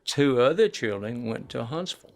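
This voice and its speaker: A man who owns a barbecue restaurant, telling his family's story in a steady, matter-of-fact way. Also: medium pitch, moderate pace.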